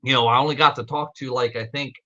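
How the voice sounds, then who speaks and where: A man hosting a live-streamed podcast, rambling excitedly and swearing constantly. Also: mid-range voice, fast talker, muffled recording. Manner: rambling, heavily profane, excitable. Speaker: podcast host.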